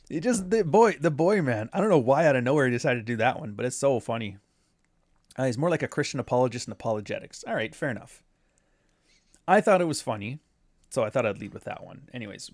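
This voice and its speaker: A man's voice: mid-range voice, animated, fast, no room sound, studio quality. A man doing casual commentary, rambling through sarcastic asides. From Canada. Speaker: commentary host.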